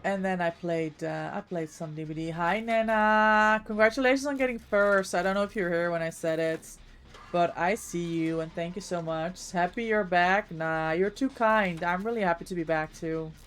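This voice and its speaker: A woman's voice: lowish voice, moderate pace, a bit bright, slight background noise. A woman livestreamer chatting casually with her viewers while she plays, thanking them by name as she goes.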